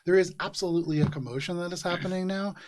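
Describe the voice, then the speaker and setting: A man's voice: sits high, rapid-fire, slight background noise. Casual male game master. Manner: casual, filler-heavy narration. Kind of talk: narrating a tabletop game.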